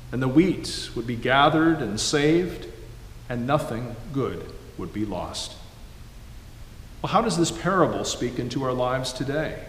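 A man delivering a sermon in a measured storytelling manner. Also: mid-range voice. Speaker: preacher. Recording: echoey hall, faint background noise.

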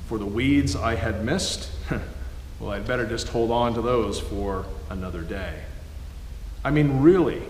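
Man preaching in an echoey hall. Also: mid-range voice. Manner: measured, storytelling. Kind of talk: sermon. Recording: echoey hall, faint background noise.

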